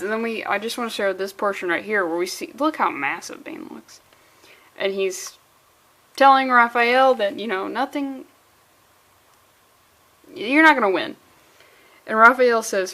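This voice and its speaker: Excitable woman reviewing comics. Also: on the high side. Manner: excitable and rambling, with swearing and jokey asides. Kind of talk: casual comic review vlog.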